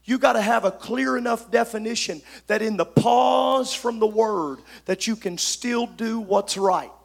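Preacher, male, very high gravelly voice, emphatic sermon delivery with shouted peaks. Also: unhurried. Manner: emphatic, swings from shouted lines to soft asides.

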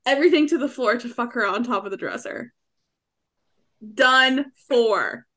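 Young female co-host, bright, slightly high voice, frank and gushing. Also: expressive, unhurried. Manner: gushing, frank, laughs often. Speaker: podcast co-host. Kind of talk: casual book-club chat.

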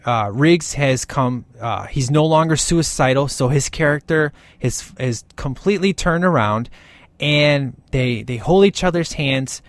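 A man talking casually and with excitement through a movie's scenes, gushing as he goes and often tagging "man" onto his lines. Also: medium pitch, unhurried, no echo. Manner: gushing and animated, keeps saying "man". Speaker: film commentator.

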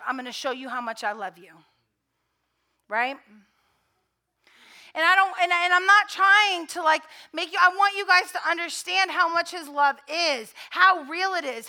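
A woman pastor preaching a sermon, moving between conversational storytelling and loud, fervent repetition. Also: very high-pitched.

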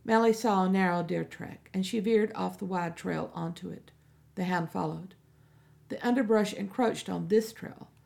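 Woman narrator, fantasy audiobook, steady delivery, heavy vocal fry, mellow. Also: medium pitch. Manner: steady, measured storytelling. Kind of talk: scripted story narration.

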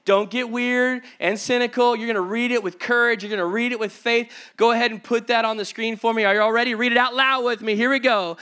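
A male pastor in his forties preaching an energetic sermon to a congregation in a church auditorium. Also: very high-pitched, brisk, hardly any pauses, clean tone.

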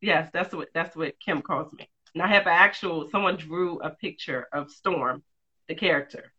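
Bright-voiced woman telling candid stories. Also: low voice, slightly rough, muffled recording. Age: adult, mother of two. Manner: candid and lively, quick asides and laughs. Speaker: guest telling a personal story. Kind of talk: casual storytelling.

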